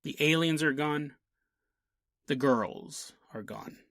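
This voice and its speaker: A man's voice: fairly high pitch, creaky, a bit bright, no room sound, clean studio sound. A man hosting a podcast, telling a strange story in a casual way with frequent laughs and jokey asides. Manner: laughs often, jokey asides, voices quick characters. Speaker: podcast host.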